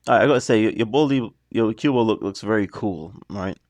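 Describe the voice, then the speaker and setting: A man's voice: on the low side, fairly quick, darkish tone, dry recording. A man hosting a reaction video, chatting casually with joking, rambling asides. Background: song playing underneath.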